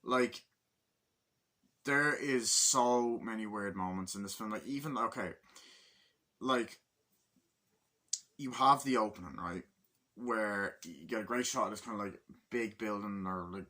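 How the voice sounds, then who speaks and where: A man with a fairly low voice that still comes across bright and forceful, talking through a movie in a loose, unscripted way. He curses a lot and keeps jumping into excited bursts to act out scenes. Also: measured pace, long pauses. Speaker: movie reviewer. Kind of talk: casual spoken film review.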